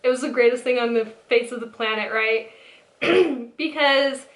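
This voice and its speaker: A woman's voice: fairly high pitch, a little slow. A young woman in her twenties telling a casual storytime, rambling and mocking. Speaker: storytelling vlogger. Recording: echoey room.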